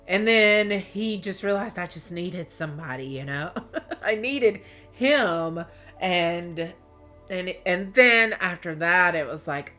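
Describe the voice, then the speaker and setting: Woman tarot reader, mid-pitched, candid and rambling, with faint music underneath. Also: a bit bright. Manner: rambling, emotional, with frequent restarts. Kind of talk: candid personal storytelling to viewers.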